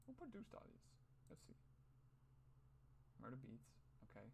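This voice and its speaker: Gravelly young man rambling casually. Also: medium pitch, wildly swooping pitch, a little slow, darkish tone, a little hiss or hum. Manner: rambling, profane, muttering to himself. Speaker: vlogger.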